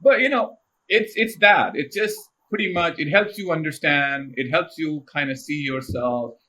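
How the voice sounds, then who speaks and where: A middle-aged man from India, a podcast guest telling casual stories in an animated way and laughing often. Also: on the high side, normal speed. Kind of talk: casual storytelling interview.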